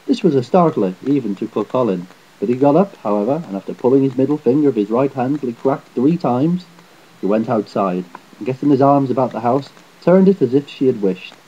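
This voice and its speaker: A man reading a fairy tale aloud in a measured, slightly unpolished delivery. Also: mid-range voice, lively intonation, breathy edge. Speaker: storyteller. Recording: dull lo-fi home recording.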